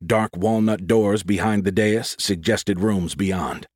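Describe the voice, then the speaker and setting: Low-voiced man narrating an audiobook. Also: darkish tone, husky, no echo. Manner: measured, descriptive reading. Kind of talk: scripted narration. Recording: dry close audiobook recording.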